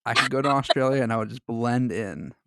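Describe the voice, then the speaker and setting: A man's voice: medium pitch, brisk, gravelly, heavy background noise. A man co-hosting a podcast, chatting casually with a joking, rambling manner and reading a story aloud. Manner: joking, rambling, laughs often. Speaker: podcast co-host.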